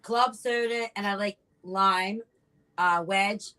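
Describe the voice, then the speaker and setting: Bubbly bright-voiced woman host. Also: medium pitch, fairly even intonation, slow, clean tone. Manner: bubbly, enthusiastic, laughs often. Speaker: podcast co-host. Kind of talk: casual podcast chat.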